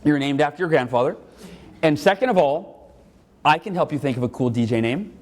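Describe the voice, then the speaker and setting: A man's voice: fairly high pitch, lively intonation, fairly quick, a little mellow, natural voice. A man voicing a caring mother who is eager to help her teenage son, speaking sweetly and coaxingly. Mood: doting. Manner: sweet, coaxing, proud of herself.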